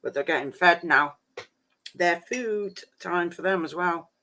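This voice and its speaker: Man, rambling live-stream chat, fairly high voice, phone mic. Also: unhurried, pushed and bright, slight background noise. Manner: rambling, chatty, says "flipping" often.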